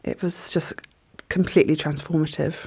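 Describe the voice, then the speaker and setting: A woman in her thirties speaks as an interview guest in a low voice. She thinks out loud and pauses often to find her words. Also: steady tone, slightly rough. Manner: thoughtful, reflective, with frequent hesitations. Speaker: author and journalist guest. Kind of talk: conversational interview.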